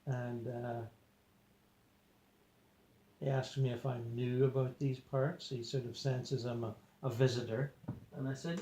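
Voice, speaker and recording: A man recounting an out-of-body experience, talking in a hesitant, rambling way with many pauses and fillers. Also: medium pitch, fairly even intonation, mellow, a little hiss or hum. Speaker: journal narrator. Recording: roomy echo.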